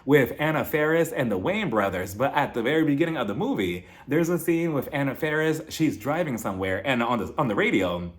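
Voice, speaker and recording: A man's voice: lively intonation, a little fast, few pauses. A man recapping a reality show in casual, sarcastic commentary, often acting out what people said. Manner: sarcastic, gossipy, acts out quotes in a high voice. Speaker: reality TV reviewer.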